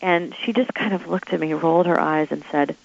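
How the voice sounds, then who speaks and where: A woman author being interviewed, telling stories in an animated, chatty way with quick asides and acted-out quotes. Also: lowish voice, creaky, dry recording, highs cut off. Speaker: author guest. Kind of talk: interview storytelling.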